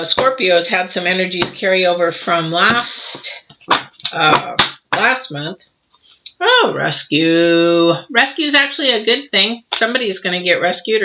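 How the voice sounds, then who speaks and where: A woman's voice: on the low side, muffled recording, noisy background. Rambling woman reading tarot. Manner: chatty, rambling with many fillers. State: mouth full of cookie dough. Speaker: tarot reader.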